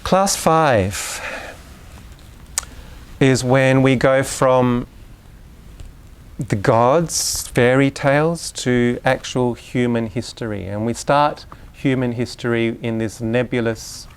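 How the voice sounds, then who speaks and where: A man's voice: mid-range voice, takes it slowly, clean tone. A man giving an informal talk to an audience of parents, explaining ideas through examples and asides to the listeners. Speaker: speaker on Waldorf education.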